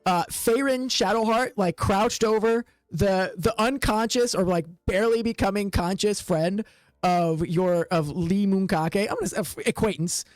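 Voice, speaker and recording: A man's voice: high-pitched, moderate pace, dry recording. A man narrating as game master of a tabletop game, in a casual way with lots of fillers.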